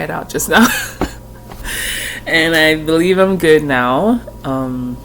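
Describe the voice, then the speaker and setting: A woman's voice: sits low, drawn-out words, long pauses, noisy background. A woman hosting her own tarot channel, talking casually from home in a rambling, chatty way with frequent laughter and the odd swear word. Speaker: tarot reader and channel host.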